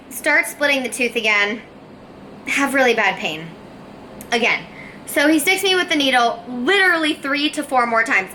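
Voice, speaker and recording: Bright-voiced woman vlogging a story. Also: fairly high pitch, a little hiss or hum. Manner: emphatic, animated retelling with quoted asides. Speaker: fitness vlogger. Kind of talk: casual storytelling to camera.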